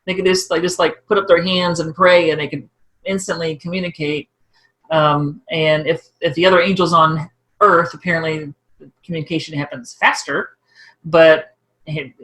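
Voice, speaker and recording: A middle-aged woman co-hosting a podcast, talking through a TV episode in a chatty, rambling way with quick asides. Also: sits low, a bit bright, rough recording. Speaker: podcast co-host. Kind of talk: casual discussion of a TV episode.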